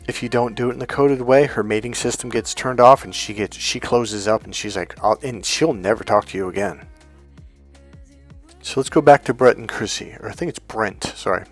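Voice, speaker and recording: A man talking as a dating coach, emphatic, swearing now and then and acting out the voices of people he quotes. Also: mid-range voice. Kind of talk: coaching talk to camera.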